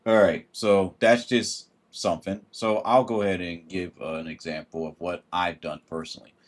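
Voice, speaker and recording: A man with a fairly low voice, chatting casually to his livestream audience. He talks in an animated way, slipping into other voices to act out what people think and greeting viewers mid-sentence. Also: normal speed. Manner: animated, acts out quoted thoughts in shifting voices. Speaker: livestream host.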